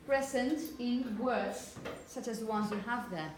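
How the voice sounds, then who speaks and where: A woman teaching phonetics to a class, saying example words slowly and often asking "okay?". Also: fairly high pitch, background noise. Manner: repeats words slowly to model pronunciation; asks "okay?" often to check understanding. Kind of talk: classroom lecture.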